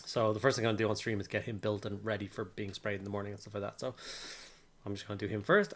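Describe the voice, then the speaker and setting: A man chats casually through a live hobby stream, greeting viewers one by one and tossing in jokey asides. His voice sits at an ordinary middle pitch with a gravelly edge of vocal fry. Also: a little fast. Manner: chatty, greets chat by name, jokey asides.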